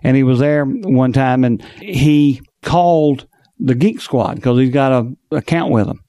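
A man's voice: medium pitch, a little slow, warm tone, dry recording, studio quality. A man who hosts the show as a financial planner, telling anecdotes in a conversational interview.

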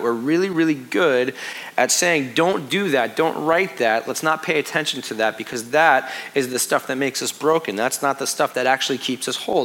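A man in his thirties giving a conversational sermon as pastor, full of restarts and sinking to a hush on heavy points. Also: medium pitch.

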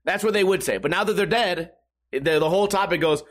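A man talks alone in a casual, rambling monologue, swearing often and slipping into mocking impressions of other people. His voice sits a little higher than most men's, a bit bright, and he speaks briskly.

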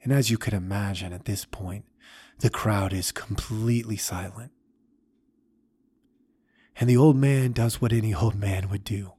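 Slow, earnest male storyteller. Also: lowish voice, mellow, husky, no echo. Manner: earnest, halting, with restarts. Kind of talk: storytelling talk.

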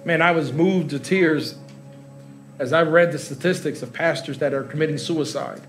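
A man's voice: on the high side, moderate pace, faint music behind. A middle-aged man preaching live as pastor in a large church hall, joking with the congregation and laughing. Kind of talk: sermon.

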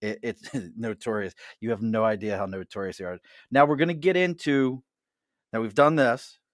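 A man's voice: fairly low pitch, moderate pace, no room sound, studio quality. A middle-aged man with a Mid-Atlantic accent, hosting a casual chat at a bar, jokey and chatty with frequent laughs. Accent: Mid-Atlantic American. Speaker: host.

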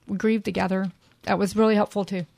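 A woman's voice: medium pitch, level tone, fast, gravelly, darkish tone, no room sound. A woman co-hosting a casual faith chat, talking in an earnest, encouraging way to other women. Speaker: podcast co-host.

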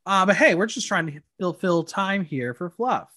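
Lively high-voiced man chatting. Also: moderate pace, a crowd in the background. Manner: animated, reads out quotes in put-on voices. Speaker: podcast co-host. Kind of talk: casual recap chat.

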